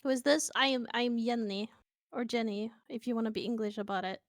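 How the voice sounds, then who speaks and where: A woman's voice: on the high side, quick pace, dry recording, studio quality. A woman from Sweden with a Swedish accent, chatting playfully and casually with stream viewers over a voice call. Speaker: guest on a stream.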